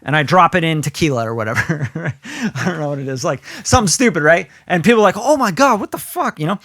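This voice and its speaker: A man co-hosting a podcast in loose, casual chat, with a bright, forward voice that sits a little high for a man. He talks animatedly, acts out little scenes and swears without thinking about it. The sound is close and dry. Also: lively intonation, quick pace, no echo. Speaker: podcast co-host.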